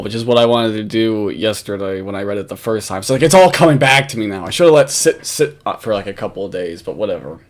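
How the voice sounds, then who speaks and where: A man giving casual reaction commentary, ranting in an exasperated, profane way with many restarts. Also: medium pitch. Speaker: commentary host.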